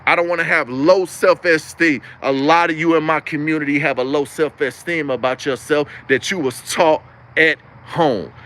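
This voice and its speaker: A young man with a high, somewhat bright voice hosts a livestream, talking nonstop in a preachy monologue. He drives his points home with emphatic, repetitive phrasing, keeping a moderate pace and fairly even intonation.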